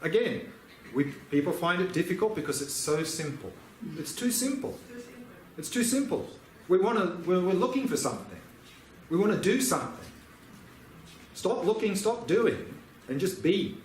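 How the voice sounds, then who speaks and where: A man's voice: high-pitched, big pitch swings, moderate pace, slight background noise. A man teaching meditation, answering questions with patient, repetitive explanations. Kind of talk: dharma teaching Q&A. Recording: echoey room, faint ambience.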